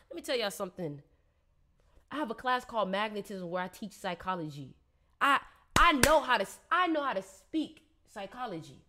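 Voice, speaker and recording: A woman's voice: fairly high pitch, fairly bright tone. A woman on a casual live stream, reading viewers' astrology in a chatty, playful, slangy way and teasing her audience.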